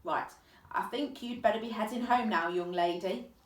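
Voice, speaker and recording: A woman voicing a kindly, old-fashioned elderly male tramp with gentlemanly courtesy in a read-aloud story. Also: medium pitch, normal speed, lightly acted. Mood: fussy. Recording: echoey room, distant mic.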